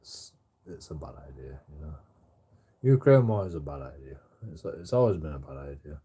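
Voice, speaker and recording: A man's voice: rumbling low, expressive, normal speed, warm tone, husky. A man rambling in casual chat as a streamer, swearing constantly and stammering through restarts.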